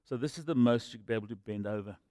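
A man preaching a sermon and telling personal stories, moving between loud emphatic lines and quiet asides. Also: medium pitch, rapid-fire, no room sound, studio quality. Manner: storytelling, swinging from loud emphasis to hushed asides.

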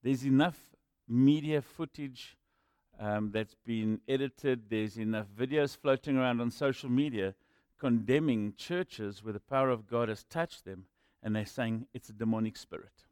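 A man preaches a sermon woven with personal testimony, his middle-pitched voice captured close and dry with no room sound. Speaking a little slowly and with few pauses, in a clean tone, he shifts between loud, emphatic declarations and hushed, confiding asides.

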